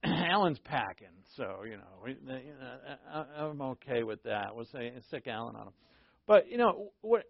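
A man teaches from scripture as a pastor, talking casually and joking with his congregation. His voice sits a little high, and the recording is dry and dull. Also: no echo. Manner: conversational and joking, often asks "right?". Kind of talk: informal midweek Bible teaching.

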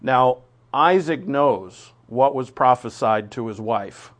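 A man's voice: medium pitch, slow pace. A man preaching, reading scripture aloud and commenting on it in a conversational way with restarts and asides. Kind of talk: verse-by-verse Bible teaching.

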